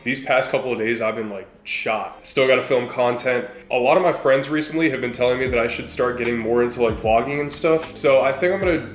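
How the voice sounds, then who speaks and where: A man's voice: medium pitch, fairly quick, hardly any pauses. A young man with a stuffed-up, congested voice from a cold, talking casually and ramblingly to camera as a vlogger. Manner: rambling, laid-back, lots of "like". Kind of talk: casual vlog talk to camera.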